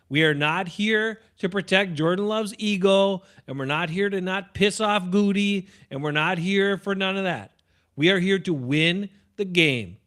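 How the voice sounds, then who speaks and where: A man co-hosting a casual sports chat, with a voice pitched a little above average. He presses his points emphatically and laughs easily with his partner. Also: sharp tone. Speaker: sports podcast co-host.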